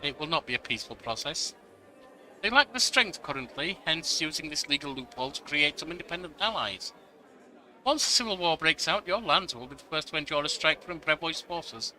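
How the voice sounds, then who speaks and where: Man voicing a scheming noblewoman, sweetly menacing, lively bright voice. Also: on the high side, fairly quick. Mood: sugary threat. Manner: sweetly threatening.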